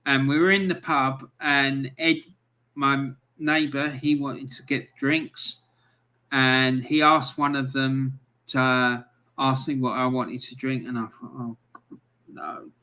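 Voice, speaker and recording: A man's voice: medium pitch, fairly even intonation, slow, sharp tone. A Cockney man in his fifties hosting a live match-day stream, chatting in rambling anecdotes with lots of fillers. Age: 50s. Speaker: livestream host.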